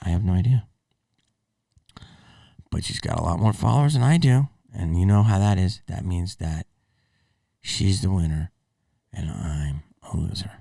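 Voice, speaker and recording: A man's voice: deep voice, gravelly, warm tone, no echo, clean studio sound, far from the mic. A man hosting a podcast, reacting to clips in a blunt, rambling, profane way. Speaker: podcast host. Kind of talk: casual reaction commentary.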